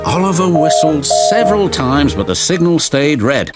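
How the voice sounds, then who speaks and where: A man's voice: on the high side, big pitch swings, moderate pace. A man narrating a children's storybook, with music behind. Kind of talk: storybook reading. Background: background music.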